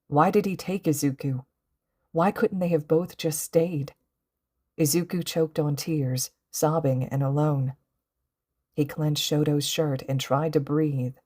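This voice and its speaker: A woman with a low voice narrating a fan audiobook. Her reading is gentle and emotive. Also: fairly even intonation, a little slow. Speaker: podfic reader.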